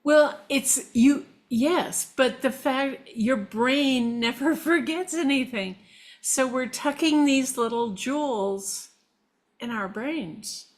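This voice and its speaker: A middle-aged woman talking casually as a guest, meandering and halting with restarts. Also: high-pitched. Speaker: guest, shamanic practitioner. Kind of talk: casual conversation.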